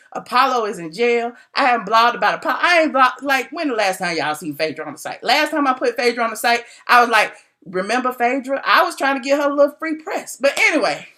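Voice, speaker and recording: Woman gossip blogger, fairly high, bright and forward tone, animated and chatty, self-recorded on a phone. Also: a little fast, few pauses. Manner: animated, chatty storytelling with slangy asides. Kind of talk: casual live-stream gossip chat.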